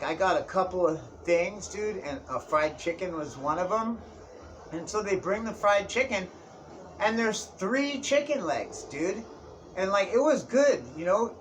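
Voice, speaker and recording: A man's voice: high voice, fairly bright tone, a little hiss or hum. A young man telling a comic story in a casual, profane way, peppered with dude and bro. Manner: profane, slangy, keeps saying dude and bro. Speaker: vlogger. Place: indoors, Tijuana area.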